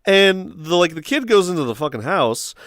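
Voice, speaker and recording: A young man hosting a casual chat with friends, telling stories with animated quoting and loud shrieked impressions. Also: high-pitched, moderate pace, no echo, studio quality. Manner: animated storytelling, acts out quotes in squeals and shrieks. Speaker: host.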